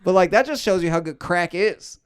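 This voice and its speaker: A man's voice: high voice, brisk, clean tone. A man co-hosting a comedy podcast, telling stories in casual chat and acting out quotes with animation. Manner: animated storytelling, acts out quotes. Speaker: podcast co-host.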